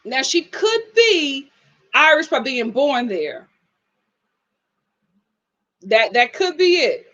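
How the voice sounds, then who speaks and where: A young woman hosts a casual live stream. Her high voice swings widely in pitch, and she laughs often and acts out quotes with big, playful voices. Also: very animated, slow pace, pauses often, fairly bright tone, lo-fi sound. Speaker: host of a live TV review stream. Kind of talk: casual live-stream commentary reading chat.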